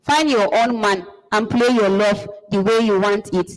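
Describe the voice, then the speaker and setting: A woman's voice: medium pitch, steady tone, unhurried, close to an everyday voice. A woman with a Nigerian accent reading the part of a proud, quarrelsome village girl in a taunting manner. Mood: scornful. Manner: scornful, taunting. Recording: long reverb.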